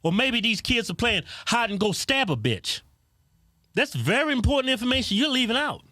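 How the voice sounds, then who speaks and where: Guy cracking jokes on a talk show, high lively voice, bright, dry sound. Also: normal speed, dry recording. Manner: joking, loud laughs, mocking asides. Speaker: co-host. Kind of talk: casual political chat.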